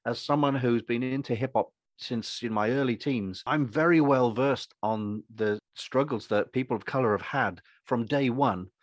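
A man who acts, talking through his opinions in a rambling, animated way and acting out other people's lines. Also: medium pitch, moderate pace, few pauses, dry recording. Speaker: podcast co-host and actor. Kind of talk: casual opinionated chat.

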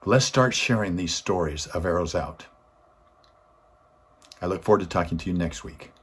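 A man's voice: normal speed, breathy edge. A man giving a weekly inspirational talk, telling a story in an earnest way and rising in force on key points. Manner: earnest, swells louder and higher on key points. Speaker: motivational speaker.

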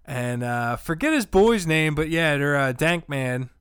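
A man's voice: on the high side, animated, unhurried, a bit bright, clean tone, dry recording, studio quality. A man, a comedian chatting loosely on a podcast, rambling and swearing often. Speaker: comedian guest. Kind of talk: casual podcast chat.

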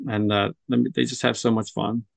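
A man's voice: mid-range voice, little pitch movement, moderate pace, vocal fry, no room sound. A man talking as a guest on a podcast interview, chatty and encouraging, sometimes acting out what children say. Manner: chatty, encouraging, acts out kids' voices. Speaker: guest, music nonprofit leader.

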